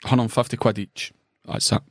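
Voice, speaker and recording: A man's voice: moderate pace, no echo, clean studio sound. A man with a Scottish accent co-hosting a podcast, ranting and swearing as he tells a story in casual chat. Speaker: podcast co-host.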